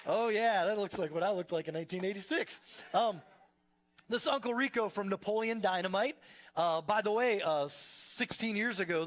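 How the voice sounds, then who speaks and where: A male pastor with a high voice gives a conversational sermon to a live church congregation. He tells stories with energy and often restarts his sentences as he goes.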